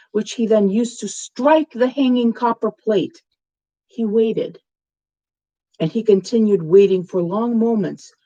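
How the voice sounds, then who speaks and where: A woman author reading her own fantasy tale aloud in a slow, measured way. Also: a little high, warm tone, low-quality recording. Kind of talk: storybook narration.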